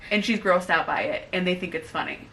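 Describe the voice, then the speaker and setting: A young woman co-hosting a casual book review chat, rambling with lots of fillers and getting animated as she rants. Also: fairly low pitch, brisk. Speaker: co-host.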